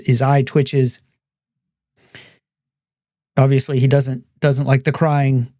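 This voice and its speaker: A man with a mellow, warm voice and a dry, close sound. He speaks in a steady, thoughtful way as he walks through the story. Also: mid-range voice, no room sound. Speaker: podcast host. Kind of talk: movie discussion podcast.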